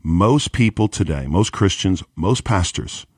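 A deep, low-pitched man speaking as a pastor, recounting a moving story with earnest quoted dialogue. The sound is dry and close, with no room around it. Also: animated, a little slow, no room sound. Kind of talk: storytelling on a podcast.

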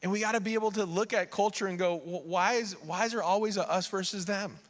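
A male pastor preaching an animated sermon, swinging between quiet asides and raised preaching and acting out the figures in quick voices. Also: sits high, long reverb tail. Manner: acts out the king and others in quick voices. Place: church sanctuary.

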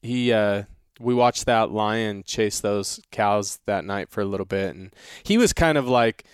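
A man's voice: on the low side, smooth, dry recording, clean studio sound. A man talking as a guest on a podcast, telling a long story in a rambling, casual way with many restarts. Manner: rambling, restarts often, drawn-out retelling. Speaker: guest hunter.

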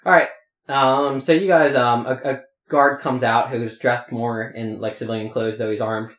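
A man's voice: mid-range voice, fairly even intonation, normal speed, fairly bright tone. A man running a tabletop game as game master, rambling with many fillers. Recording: roomy echo.

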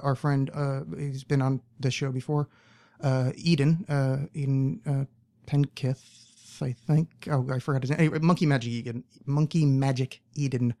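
A man's voice: medium pitch, warm tone. An American man hosting a podcast, talking in a rambling, casual monologue full of fillers, restarts and swearing. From United States. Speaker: podcast host.

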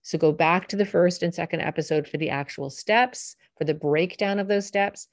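Soft-spoken woman hosting a parenting podcast. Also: fairly low pitch, moderate pace. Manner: conversational, anecdotal, with fillers and restarts. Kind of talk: solo podcast storytelling.

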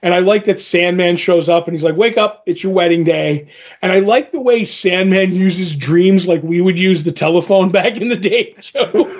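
A man co-hosting a podcast in casual comic book chat, retelling scenes with animated character lines. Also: high-pitched, normal speed, husky, dull audio. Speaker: podcast co-host.

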